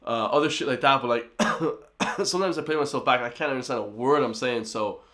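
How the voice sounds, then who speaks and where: A young Irish reaction host whose accent carries an American tinge, excitable and full of slang, calling his viewers guys and bro. His voice sits at an ordinary middle pitch for a man. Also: a little fast. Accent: Irish with an American influence. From Ireland. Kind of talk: reaction commentary.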